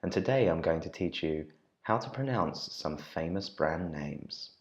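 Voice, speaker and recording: Man, English teacher, very deep voice, slow careful repetition, speaks to viewers, muffled lo-fi sound. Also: lively intonation, over loud music. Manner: slow, careful repeating of words; friendly direct address to viewers. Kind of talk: online pronunciation lesson.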